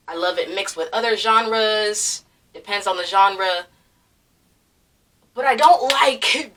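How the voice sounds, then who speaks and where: A young woman with a bright, forceful voice, worked up and swearing through a commentary rant full of fillers and bursts of laughter. She sits a little back from the mic, so the sound is slightly distant. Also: mid-range voice. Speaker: commentary vlogger. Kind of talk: ranting commentary.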